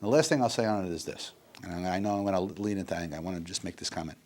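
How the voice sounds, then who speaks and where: A man's voice: sits low, rapid-fire, darkish tone. Earnest older man lecturing. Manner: earnest, emphatic, repeats phrases. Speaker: addiction recovery speaker.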